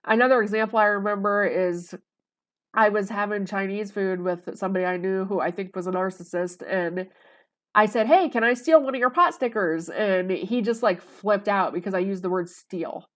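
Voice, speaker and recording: A woman's voice: medium pitch, steady tone, moderate pace. Woman, casual vlog monologue, rambling, lots of fillers, mid-range voice. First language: English. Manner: rambling and conversational, with many fillers. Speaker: vlogger.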